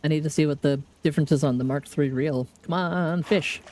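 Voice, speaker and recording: Talking briskly in a low-pitched voice, a woman streams gameplay with casual live commentary. She is chatty and excitable, rambling to herself at a desk mic.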